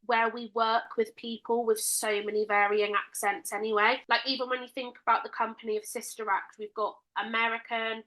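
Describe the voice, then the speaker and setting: A woman with a southern English accent chats casually as co-host, playful and quick with a joke. Her voice sits a little high and rings bright and forceful. She leads the conversation from question to question. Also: low-quality recording. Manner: playful, jokey, steers the questions. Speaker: podcast co-host, musical theatre performer. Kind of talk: casual chat.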